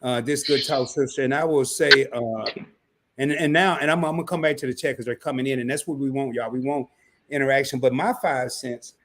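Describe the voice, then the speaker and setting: A man co-hosting a casual podcast, talking in an animated way that jumps up high when he makes a point. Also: brisk, slight background noise. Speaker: podcast co-host.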